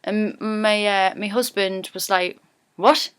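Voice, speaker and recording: A young woman with a broad Geordie accent talks casually, like a friendly vlogger. She teaches local words and leans on the long vowels to show how they sound. Her pitch sits in the middle of the range. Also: normal speed, clear, resonant tone. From North East England. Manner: chatty, lively, stretches vowels for examples.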